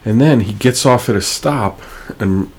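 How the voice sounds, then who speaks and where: A man's voice: medium pitch, measured pace, darkish tone, husky. A man co-hosting a radio show, telling long stories in a rambling way with many fillers and restarts. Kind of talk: casual radio chat.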